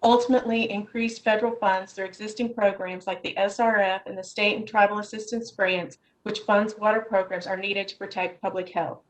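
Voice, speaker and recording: Woman reading her prepared testimony, steady and measured, calling in from her office. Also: medium pitch, low-quality recording. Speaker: witness at a Senate hearing.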